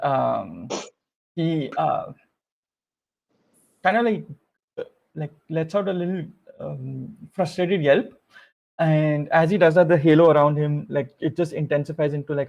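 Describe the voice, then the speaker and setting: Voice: medium pitch, slow pace, gravelly, pauses often, a little mellow, lo-fi sound. A game master narrating a tabletop game in loose, filler-heavy speech.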